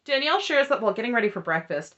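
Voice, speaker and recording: A woman's voice: fairly high pitch, sing-song, rapid-fire, fairly bright tone. A woman hosting a casual, chatty recap with snarky asides. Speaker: recap host. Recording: muffled lo-fi audio.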